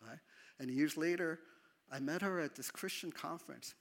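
A middle-aged man, a pastor, telling a personal story in a sermon with laughter and big swings in loudness. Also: on the high side, moderate pace.

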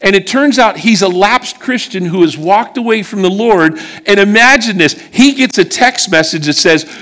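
Guy preaching a sermon, kinda high voice, earnest, gets quiet and low to land a point. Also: expressive, normal speed, hardly any pauses. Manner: earnest and emphatic, drops low and quiet on key words. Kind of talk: sermon with personal stories. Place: church service before a congregation.

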